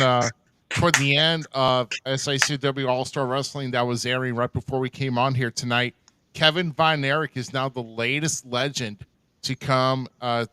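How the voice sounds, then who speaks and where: A man hosting a live podcast, talking in an animated, rambling way with lots of fillers. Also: mid-range voice, smooth, no room sound. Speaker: podcast host. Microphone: headphones and desk mic.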